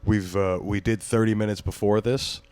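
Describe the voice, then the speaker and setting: A man with a deep, low voice hosts a casual podcast, rambling through loose banter, swearing freely and breaking into laughter. The sound is dry and close, with no room around it. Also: flat delivery, normal speed, a little mellow, clean tone, no echo. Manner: rambling, profane, laughs often. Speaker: podcast host. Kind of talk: casual chat.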